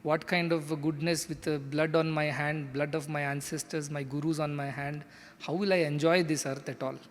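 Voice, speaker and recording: A man's voice: on the high side, little pitch movement, normal speed, close to an everyday voice. A despairing young warrior, voiced by a man, pleading that he cannot fight. The voice stays close to a plain speaking voice. It carries a long hall echo. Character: despairing young male warrior, tearful and refusing.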